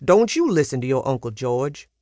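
A woman voicing a calm, kindly older manservant. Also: extremely low pitch, normal speed, no room sound, clean studio sound.

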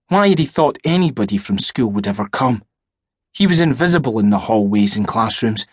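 A man reading a horror audiobook in a measured storytelling voice. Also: fairly low pitch, slightly rough, no echo, studio quality. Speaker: audiobook narrator. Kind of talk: scripted horror narration.

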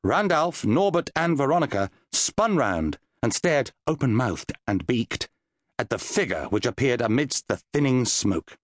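A man narrating a children's fantasy audiobook with playful energy. His pitch moves animatedly through the story, and the recording is close and dry. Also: sing-song, a little slow, dry recording.

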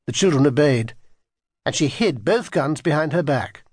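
A man narrating a children's audiobook in an expressive, animated storytelling manner. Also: fairly high pitch, normal speed, breathy edge, no room sound, studio quality.

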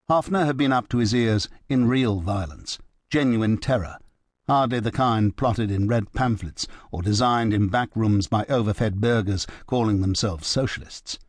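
Low, dry-voiced male narrator. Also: no echo. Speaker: audiobook narrator. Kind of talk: scripted narration.

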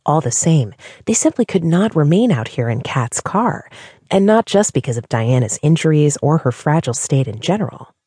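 A woman narrates an audiobook in an expressive storytelling manner. Her voice is breathy, with a lively, wide-ranging pitch, and the recording is close and dry. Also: normal speed, no echo.

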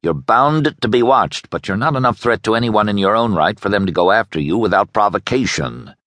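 A man voicing a stubborn, principled soldier in an audiobook, calm and firm. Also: lowish voice, fairly quick, no echo. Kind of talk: audiobook character voice.

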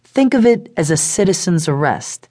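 A woman's voice: lowish voice, big pitch swings, normal speed, warm tone, no echo, clean studio sound. A woman voicing a headstrong, defiant young woman in an audiobook.

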